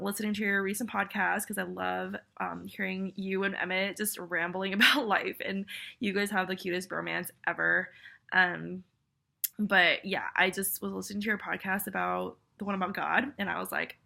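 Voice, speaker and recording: Young woman, sick and nasal, bright gravelly tone, chatty with lots of fillers and restarts, webcam message. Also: mid-range voice. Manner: rambling, many fillers and restarts. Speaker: viewer sending a video message. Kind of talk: casual heartfelt video message. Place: at home on her bed. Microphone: photo booth webcam.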